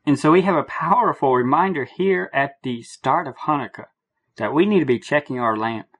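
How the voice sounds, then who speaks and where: A man preaches a prophetic Bible teaching in an earnest, emphatic way, leaning on repeated phrases. His voice sits a little high and has a husky grain to it. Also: brisk, a bit bright.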